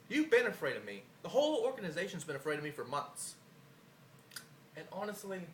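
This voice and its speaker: A man's voice: high voice, a little hiss or hum. A man cutting a boastful, profane wrestling promo, his voice a bit worn. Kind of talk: trash-talking wrestling promo. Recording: echoey room, faint ambience.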